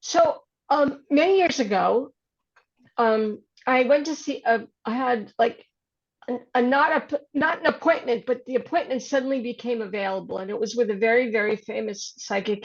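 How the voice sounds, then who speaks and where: Gravelly, husky woman telling a story. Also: a little high, muffled recording. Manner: earnest, recounting a personal story. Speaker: workshop participant. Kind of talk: casual storytelling on a video call.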